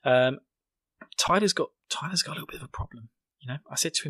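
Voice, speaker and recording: A man's voice: mid-range voice, fast talker, a bit bright, husky, no echo. A young British man hosting a podcast, joking and rambling as he recaps an episode and acts out characters' lines in silly voices. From Britain. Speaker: podcast host. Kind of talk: solo recap podcast chat.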